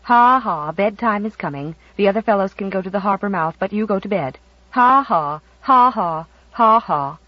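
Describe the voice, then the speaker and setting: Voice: mid-range voice, expressive, moderate pace, no room sound, lightly acted. An audiobook narrator voicing an old grandfather clock that taunts a child with laughter, recorded dry and a bit muffled. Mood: taunting.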